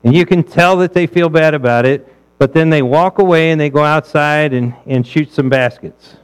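A man's voice: on the high side, normal speed, smooth, poor audio. A male pastor preaching a sermon in a conversational way, asking his listeners rhetorical questions.

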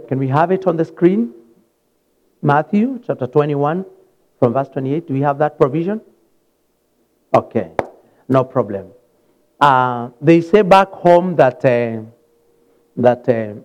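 A man from Africa preaching a sermon in a church, retelling scripture with sudden loud rises and soft drops. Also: a little high, lively intonation, a little slow, pauses often, a little hiss or hum, rough recording. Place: church hall.

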